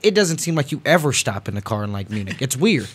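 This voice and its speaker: A man's voice: medium pitch, sing-song, fast, husky. A man co-hosting a radio talk show, chatting casually with dry, blunt remarks. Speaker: radio co-host. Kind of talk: casual chat.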